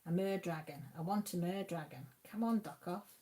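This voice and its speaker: A woman's voice: on the low side, moderate pace, warm tone. A woman chatting casually at home while hosting a craft live stream, reading comments and exclaiming aloud. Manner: chatty, exclaiming, talks to the chat. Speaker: craft channel host reading live chat.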